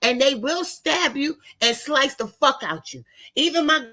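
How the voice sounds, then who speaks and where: High, bright-voiced fifties woman ranting. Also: lively intonation, measured pace. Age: 50s. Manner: profane, blunt and indignant. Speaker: vlogger talking to her live viewers. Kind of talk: casual ranting monologue.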